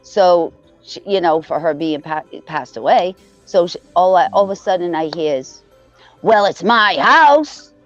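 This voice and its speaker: A woman's voice: low-pitched, moderate pace, warm tone, muffled recording, soft background music. A woman calling in and telling a story in a chatty, rambling way, often laughing as she talks. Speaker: caller sharing a story. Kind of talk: casual storytelling.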